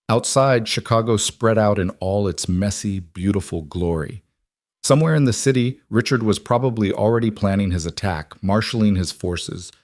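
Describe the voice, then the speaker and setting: A man reading a scripted story in a measured, gentle way. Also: lowish voice, no echo, studio quality. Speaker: narrator. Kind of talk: scripted narration.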